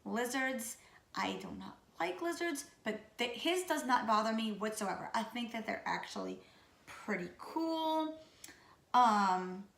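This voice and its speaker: A woman in her late thirties from Louisiana, with a Louisiana accent, who sounds raspy and sick, chatting casually and goofily to camera about herself. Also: fairly high pitch, animated, a little slow, fairly bright tone, roomy sound. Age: 30s. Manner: goofy, chatty. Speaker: vlogger. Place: room at home.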